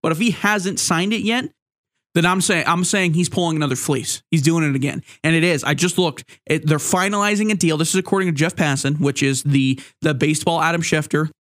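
A man's voice: a little high, brisk, a bit bright, dry recording, studio quality. A man hosting a solo sports podcast, rambling and joking, with many fillers and restarts. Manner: joking, playful asides.

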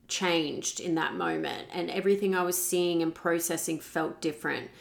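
Young woman podcast host, lowish voice, tells her story openly and with feeling, acts out what she said. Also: fairly even intonation, moderate pace, gravelly, hardly any pauses. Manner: candid, emotional, acts out her own past words. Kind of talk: personal storytelling.

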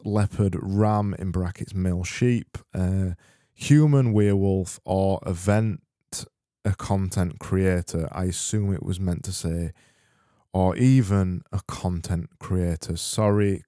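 Low, mellow sardonic British-born man. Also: a little slow, dry recording, studio quality. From Britain. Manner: rambling, sardonic. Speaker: podcast host. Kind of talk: comedic solo podcast.

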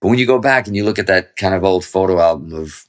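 A middle-aged man with a very low, deep voice speaks as a guest guitarist in an easygoing interview. He talks candidly and at length, swearing freely as he works through his ideas. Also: fast talker. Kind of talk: casual interview chat.

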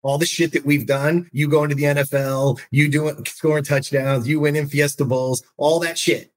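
A man's voice: fairly high pitch, steady tone, normal speed. A man hosting a podcast who tells personal stories emphatically and keeps checking in with his listener. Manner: emphatic storyteller, keeps asking "right?". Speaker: podcast host. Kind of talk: motivational podcast conversation.

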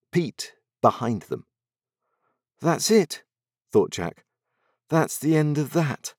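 A man narrating a story aloud in an expressive, dramatic storytelling manner. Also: low-pitched, breathy edge, dry recording, clean studio sound.

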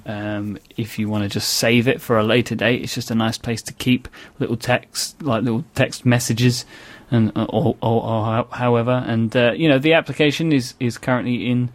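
A man co-hosting a podcast, chatting casually and explaining things at a steady pace. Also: mid-range voice, normal speed, hardly any pauses. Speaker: podcast co-host.

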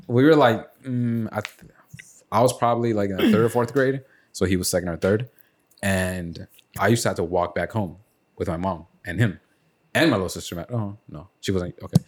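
A man hosting a casual podcast chat with friends, telling stories and acting out the people in them. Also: fairly low pitch. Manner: animated storyteller, acts out voices in anecdotes. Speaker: podcast host.

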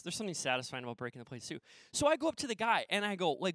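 Bright-voiced forty-year-old preacher, joking. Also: male voice, high-pitched, sing-song, racing, hardly any pauses, dry recording. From Minnesota, USA. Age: 40s. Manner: self-deprecating, rambling storyteller with frequent ums. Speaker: pastor. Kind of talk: sermon opening with personal stories. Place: church sanctuary stage.

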